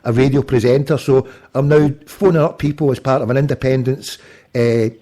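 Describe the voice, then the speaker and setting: A man's voice: medium pitch, fairly even intonation, brisk, dark tone. A Scottish man with a Glasgow accent, a radio presenter chatting on a phone-out show, full of stammered restarts and muttered asides. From Scotland. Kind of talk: casual phone-in talk radio.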